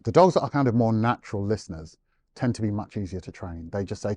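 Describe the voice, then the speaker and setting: A man speaks as an animal behaviourist guest in an interview, explaining at a quick clip. His voice sits low and mellow. He animates his points by acting out what owners and dogs might say. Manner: animated storyteller, acts out quotes.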